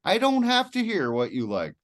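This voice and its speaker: A man's voice: sits high, huge pitch swings, moderate pace. A man co-hosting a rock podcast in casual chat, blunt and swearing freely, joking with his co-host. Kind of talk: casual chat about music.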